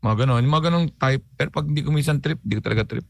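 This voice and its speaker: A man joining a radio studio chat, easygoing and talking fast. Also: mid-range voice, vocal fry, slight background noise. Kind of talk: casual chat in Tagalog.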